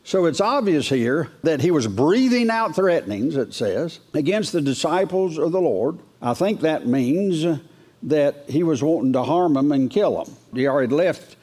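A man's voice: lively intonation, normal speed, a little mellow. A man preaching a folksy verse-by-verse sermon, lifting his voice to read scripture aloud and asking his listeners questions along the way. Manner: folksy, rises in pitch when reading scripture aloud; asks the congregation questions.

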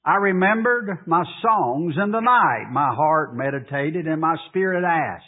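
A pastor delivering a slow, drawn-out sermon, his high voice swooping up into urgent pleas. His tone is husky and a little breathy. It comes through as a tinny, phone-like radio broadcast. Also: animated.

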